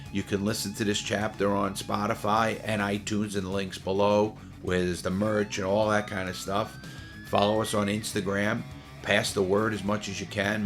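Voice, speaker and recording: Gravelly, deep-voiced man telling his story. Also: fairly bright tone. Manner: rambling, repeats words and phrases for emphasis. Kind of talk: casual storytelling to camera.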